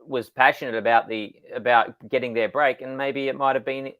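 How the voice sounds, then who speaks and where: Male guest co-host, relaxed storyteller, a touch sardonic, on a video call. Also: medium pitch, brisk, clear, resonant tone, lo-fi sound. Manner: easygoing storyteller, laughs easily, a bit sardonic. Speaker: filmmaker co-host. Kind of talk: casual chat on a livestream.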